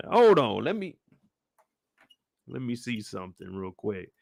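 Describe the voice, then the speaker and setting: Animated man recapping a TV episode. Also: medium pitch, measured pace, gravelly, long pauses, dry recording, studio quality. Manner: animated storytelling, cursing, laughing. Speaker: show host recapping a TV episode. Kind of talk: casual live chat.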